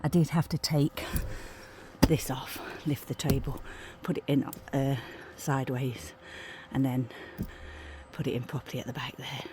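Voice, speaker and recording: A woman's voice: a bass voice, fairly even intonation, measured pace. A middle-aged woman from the UK vlogging about packing her campervan, chatting along and cooing at her dogs in a sing-song voice. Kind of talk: casual vlog narration. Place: beside her campervan, outdoors.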